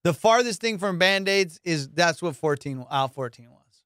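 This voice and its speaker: Casual podcast host, man, fairly high voice, swears a lot, laughs through his stories, dry close sound. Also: animated, normal speed, fairly bright tone, clean tone, dry recording. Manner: profane, storytelling, laughs often. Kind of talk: casual chat.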